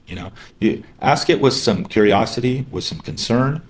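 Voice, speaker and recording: A man's voice: medium pitch, expressive, normal speed, slight background noise. A man giving a casual sales training lecture, talking loosely with fillers and restarts. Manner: conversational, many fillers and restarts; acts out sample questions in a lighter voice. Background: dogs barking.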